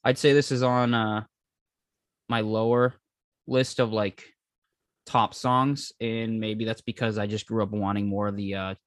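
A man's voice: on the low side, level tone, measured pace, dry recording, clean studio sound. A young man co-hosting a podcast in casual chat, rambling with lots of filler and swearing. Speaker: podcast co-host.

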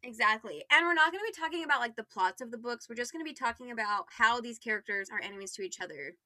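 Brief: young woman co-host, bright and fairly high, dry close mic, chatty. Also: lively intonation, fast, no room sound. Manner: chatty, reads book blurb aloud with mock drama. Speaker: podcast co-host. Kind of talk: casual chat.

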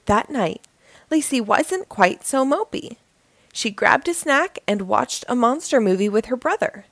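Lady reading a kids book out loud, voice bounces up and down a lot, super dry close sound. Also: on the high side, unhurried, dry recording. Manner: lively, expressive read-aloud delivery. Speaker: storytime host. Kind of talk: reading a children's book aloud.

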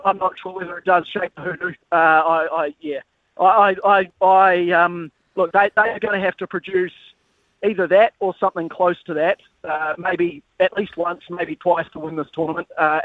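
A man's voice: on the high side, no echo. A man, out of breath, talking sport in an enthusiastic casual chat with stammering restarts. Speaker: sports reporter. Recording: tinny phone line, dry.

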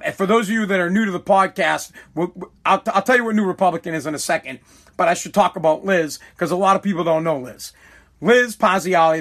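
A man's voice: a little high, fairly bright tone. A man hosting his own podcast alone, rambling casually, swearing and correcting himself as he goes. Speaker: podcast host. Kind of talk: casual solo podcast rant. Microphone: streaming live mic.

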